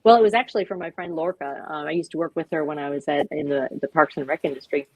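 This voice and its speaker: A woman being interviewed as the founder of a dog-park nonprofit, talking with animated enthusiasm and acting out little quoted voices. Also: low voice, quick pace, dry recording, poor audio.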